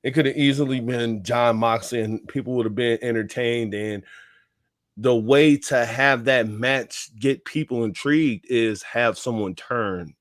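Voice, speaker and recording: A man's voice: mid-range voice, a little slow, no room sound, studio quality. A man on a wrestling podcast panel, giving blunt, opinionated takes in casual chat. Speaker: podcast co-host.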